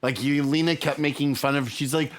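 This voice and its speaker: A man's voice: a little high, fairly even intonation, a little fast. A man co-hosting a podcast, chatting casually about movies and leaning on "like" and "you know.". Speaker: podcast co-host.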